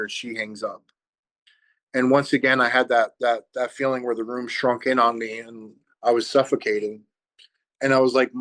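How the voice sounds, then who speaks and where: Man sharing his recovery testimony: mid-range pitch, earnest, halting delivery with pauses. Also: flat delivery, fairly bright tone. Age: adult with children. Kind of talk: personal testimony.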